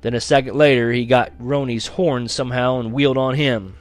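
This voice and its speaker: Guy reading a frontier story out loud, dramatic, mid pitch, slows down at the tense bits. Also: no room sound, soft background music. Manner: lively, dramatic, slows for action beats. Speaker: audiobook reader. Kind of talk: first-person storytelling reading.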